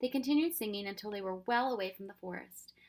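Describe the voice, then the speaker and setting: A woman reading a children's storybook aloud with expressive narration. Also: mid-range voice, quick pace. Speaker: reader.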